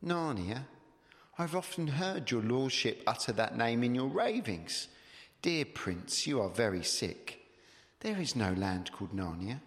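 A man reading aloud and voicing a scheming enchantress queen in a sweet, quiet, half-mocking tone, in a reverberant hall. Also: mid-range voice, big pitch swings, a little slow. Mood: coaxing. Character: soft-spoken scheming enchantress queen, female, coaxing.

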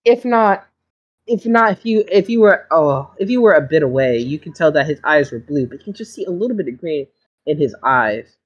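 A woman's voice: deep voice, lively intonation, fairly quick, highs cut off. A woman narrating as game master in a casual, rambling way. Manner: casual, rambling, restarts often.

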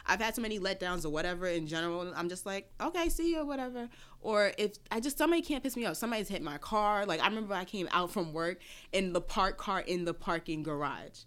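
A woman co-hosting a podcast, chatting casually, telling a story in an animated way, acting out quotes and swearing freely. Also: lowish voice, fast. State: tearful, crying while telling a story. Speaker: podcast co-host. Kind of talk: casual chat.

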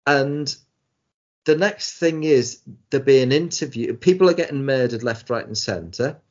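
A man's voice: medium pitch, measured pace. A man co-hosting a casual chat about TV shows, rambling with many restarts and sounding exasperated. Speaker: podcast co-host. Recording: dull lo-fi sound.

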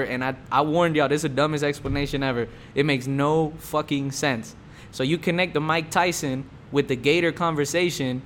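A man's voice: medium pitch, a bit bright, a little hiss or hum. Laid-back, swearing young man telling a story. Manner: laid-back, profane, full of fillers and quoted dialogue. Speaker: storyteller explaining his rap name. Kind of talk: casual storytelling monologue.

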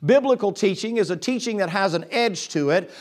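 High-voiced preacher. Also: male voice, brisk. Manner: swings from low confiding tones to loud excited preaching, with restarts. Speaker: pastor. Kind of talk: sermon.

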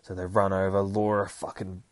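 The recording is dry, capturing a man's deep, level voice at a moderate pace. He's a podcast host going over a comic book issue casually, cursing all the time and voicing the fight sound effects.

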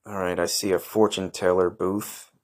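A man's voice: low voice, level tone, normal speed. A man telling a crude comic story in the first person, brash and swaggering, who swears a lot and bursts into outrage. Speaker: comedy podcast host.

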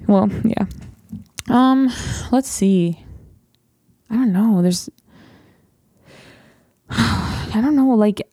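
Teen girl host, chatty and rambling, low mellow tone with lots of fry, dry close sound. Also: very slow, pauses often, no echo. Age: teens. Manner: chatty, rambling, says "literally" often. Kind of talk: casual chat.

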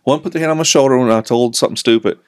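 A middle-aged man with a Southern American accent co-hosts a podcast, bantering casually, rambling, joking and doing voices for quotes. His medium-pitched voice is smooth and rapid-fire.

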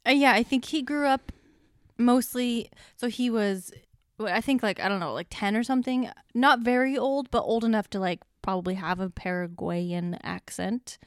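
A woman's voice: a little high, moderate pace, dry recording, studio quality. A young woman co-hosting a podcast, chatting casually and giggling through a movie review. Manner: giggly, chatty, self-deprecating. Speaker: podcast co-host.

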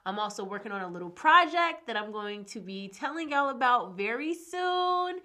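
A woman's voice: fairly high pitch, very animated, moderate pace, bright, forceful tone. A woman, talking casually, candid and frank, swearing freely when frustrated. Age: 20s. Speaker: podcast host. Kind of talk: casual solo podcast talk.

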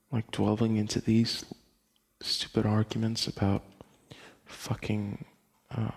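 A young man hosts a casual late-night podcast, rambling, laughing often and swearing offhandedly. His voice is fairly low, slightly rough, with vocal fry.

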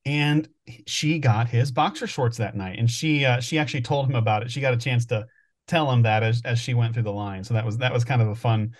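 A man's voice: medium pitch, fairly quick. A man co-hosting a podcast, telling stories in a rambling, thinking-aloud way during casual chat. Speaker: podcast co-host.

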